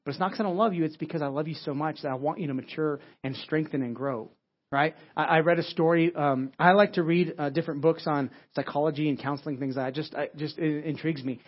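A man's voice: on the high side, fairly even intonation, fast. A man preaching a sermon as pastor, in a conversational way, often restarting phrases and asking "right?". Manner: conversational, repeats words and restarts, frequent "right?". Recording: dull lo-fi audio.

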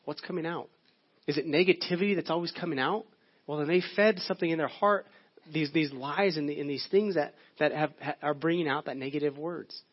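A man's voice: fairly high pitch, fairly quick, slightly rough. A male pastor giving a sermon in a conversational, storytelling way. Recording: dull lo-fi audio.

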